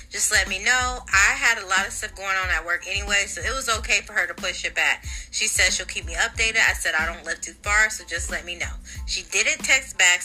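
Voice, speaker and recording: A woman telling a casual storytime in an animated, incredulous way. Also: mid-range voice, rough recording.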